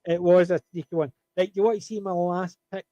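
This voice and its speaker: A man chatting on a panel, telling an animated anecdote and chuckling at his punchlines. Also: sits high, fairly quick, no echo, dull audio. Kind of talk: casual storytelling chat.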